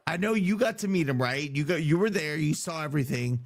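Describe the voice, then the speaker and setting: A man co-hosting a sports podcast, hoarse from yelling, talking in a casual, teasing way. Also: fairly high pitch, lively intonation, brisk. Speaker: podcast co-host.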